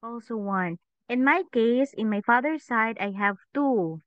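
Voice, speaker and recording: A woman's voice: fairly high pitch, lively intonation, a little slow, no echo. A woman English teacher leading an online class for children, patiently asking questions and saying "okay" often. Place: online class over a video call. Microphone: video call microphone. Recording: thin phone-like call audio.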